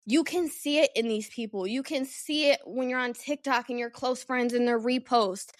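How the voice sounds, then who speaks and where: A woman's voice: on the high side, moderate pace, dry recording. A young woman hosting a solo podcast, talking candidly and animatedly, swearing freely. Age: young adult. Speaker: podcast host. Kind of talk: casual solo podcast talk.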